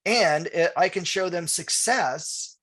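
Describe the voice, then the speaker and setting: A man's voice: high-pitched, slow, fairly bright tone, husky. A middle-aged man teaching real estate agents, telling a story with quoted dialogue and answering viewer questions. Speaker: real estate marketing trainer. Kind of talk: webinar presentation with anecdote and Q&A.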